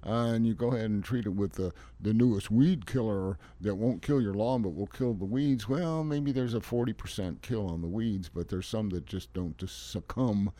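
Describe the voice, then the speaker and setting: A man's voice: lowish voice, moderate pace, hardly any pauses, warm tone, no room sound. An older man who installs lawns, chatting on a radio show in a folksy, rambling, emphatic way. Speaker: landscaping guest expert on a radio show. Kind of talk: casual radio chat.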